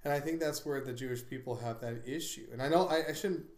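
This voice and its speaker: A man of middle pitch hosts a casual conversation, rambling and digressing with frequent restarts. His voice carries a noticeable room echo. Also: fast. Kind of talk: casual discussion. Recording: echoey room.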